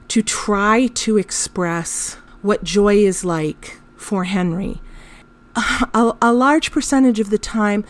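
A woman hosting a podcast, telling a personal story in a candid, emotional way, with frank swearing and laughter through her telling. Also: mid-range voice. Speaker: podcast host.

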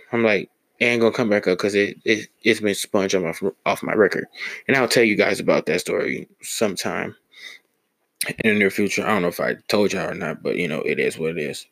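Deep gravelly young man ranting. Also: fairly quick, a bit bright, dry recording. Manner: blunt, profane, heated storytelling. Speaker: podcast host. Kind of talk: casual solo podcast storytelling.

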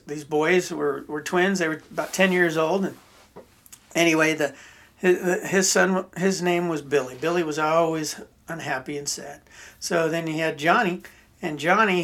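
A man's voice: fairly high pitch, creaky, a bit bright. A middle-aged man hosting a podcast, telling a story in a rambling, folksy way with many restarts. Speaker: podcast host. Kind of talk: casual storytelling chat.

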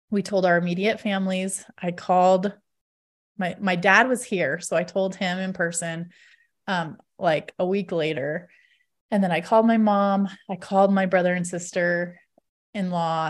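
A woman in her thirties with a lower voice tells her viewers a personal story in a candid, chatty vlog. She laughs often and fills her speech with "like".

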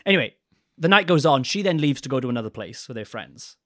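Young male storyteller, very animated pitch, dry close mic. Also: brisk, no room sound. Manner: animated, acts out quoted voices. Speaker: podcast guest, adventurer. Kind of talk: casual storytelling.

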